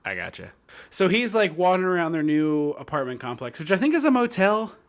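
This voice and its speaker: A man co-hosting a podcast in casual chat, ranting in a lively, mocking way. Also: a little high, fairly quick. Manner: animated, mocking rants. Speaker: podcast co-host.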